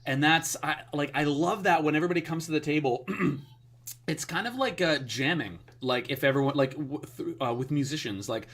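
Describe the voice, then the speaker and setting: A man's voice: on the high side, moderate pace, fairly bright tone. A man co-hosting a podcast, talking in a rambling, enthusiastic way with lots of fillers. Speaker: podcast co-host. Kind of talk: casual podcast chat.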